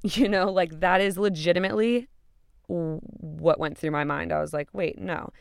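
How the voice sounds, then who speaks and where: A podcast host in her twenties tells a personal story candidly and casually, swearing freely and acting out quotes as she retells it. Her voice is on the low side and gravelly yet clean, at a moderate pace with no echo.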